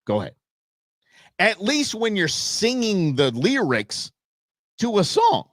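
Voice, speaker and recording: A man's voice: sits high, huge pitch swings, slow pace, a bit bright, no room sound, clean studio sound. A man hosting a live stream, reacting bluntly to a TV clip and rambling with frequent restarts.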